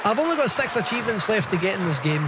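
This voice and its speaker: A man's voice: high voice, sing-song, rapid-fire, over a noisy crowd, very noisy. A young adult man with a Scottish accent, chatting casually and swearing as he livestreams a game. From Scotland. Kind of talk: casual gaming stream chat.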